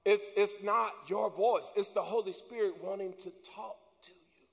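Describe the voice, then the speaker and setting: High-voiced pastor preaching in a reverberant church. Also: male voice, fairly even intonation, normal speed, gravelly. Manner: preaching with rising, shouted emphasis and call-and-response. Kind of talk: sermon. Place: church sanctuary.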